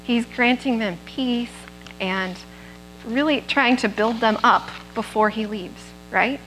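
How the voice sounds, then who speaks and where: A woman's voice: on the high side, a bit bright, a little hiss or hum, rough recording. A woman preaching a sermon at a church service, speaking into a microphone in a plainspoken, conversational way and often checking in with the congregation.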